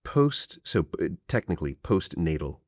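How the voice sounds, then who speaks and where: A man's voice: low voice, very animated, moderate pace, darkish tone, no room sound. A man hosting an interview, asking earnest questions and explaining things. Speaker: podcast host and relationship coach.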